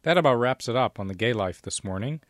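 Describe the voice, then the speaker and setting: A man hosting a radio talk show, asking questions and reading a brisk sign-off. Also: mid-range voice, lively intonation, dry recording. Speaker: radio host and producer.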